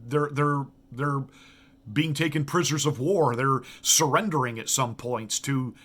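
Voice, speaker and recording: A man's voice: medium pitch, unhurried, fairly bright tone. A middle-aged man, a pastor, giving a political commentary monologue full of rhetorical questions, emphatic and repeating words as he restarts.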